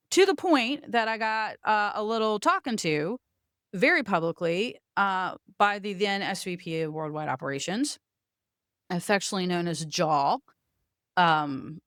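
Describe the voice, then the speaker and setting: A woman's voice: mid-range voice, a bit bright, smooth, no room sound, studio quality. A middle-aged woman hosting a podcast, telling a personal story in a blunt, profane, self-mocking way. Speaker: podcast host.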